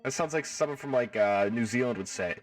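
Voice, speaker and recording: Male streamer, playful and jokey, animated swinging pitch, sits back from the mic. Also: a little fast, recorded from a distance. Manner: playful, jokey, swears freely. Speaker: live stream host. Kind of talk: casual live stream chat reading. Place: home.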